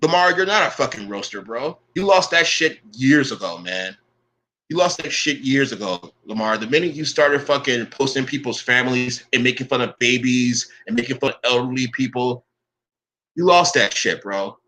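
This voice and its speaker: A man's voice: medium pitch, moderate pace, pushed and bright. A man in a profane, confrontational rant to camera. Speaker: online commentator.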